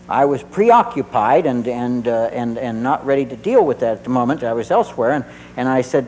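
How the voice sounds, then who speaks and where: A man's voice: mid-range voice, normal speed, a little hiss or hum, low-quality recording. A middle-aged man, a therapist, telling a humorous story to an audience and acting out the dialogue. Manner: lively storyteller who acts out dialogue.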